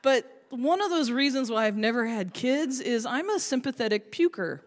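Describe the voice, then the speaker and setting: A woman's voice: fairly high pitch, expressive, normal speed, slight background noise. A woman telling a comic story on stage, chatty and self-deprecating, with lots of fillers. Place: stage in a hall. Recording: reverberant hall.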